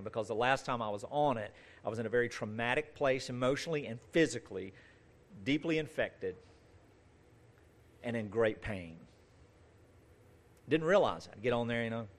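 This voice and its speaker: A medium-pitched male pastor reads a passage of scripture and then preaches earnestly, in a conversational manner. His emphasis rises and falls, and his lists build steadily in force.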